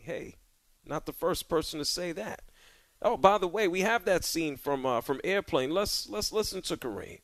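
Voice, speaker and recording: A man hosting a sports radio talk show, talking in a relaxed, conversational way. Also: a little high, normal speed, no room sound.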